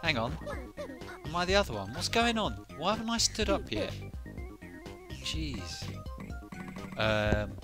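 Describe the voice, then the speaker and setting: Speaking slowly with frequent pauses, a man with a slightly high voice and big pitch swings streams a video game live. Over the game music, he rambles, pokes fun at himself, and breaks into silly voices.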